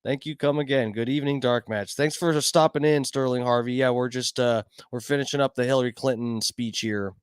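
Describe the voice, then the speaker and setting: Man, live streamer, crude joking commentary, rambling, smooth clear voice, dry close sound. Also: mid-range voice, steady tone, a little fast, hardly any pauses, dry recording. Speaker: streamer reacting to speeches.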